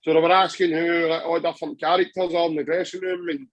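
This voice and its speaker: A man's voice: on the high side, level tone, fast, poor audio. A Scottish man chatting passionately about football on a podcast, rambling with many restarts. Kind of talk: casual football chat.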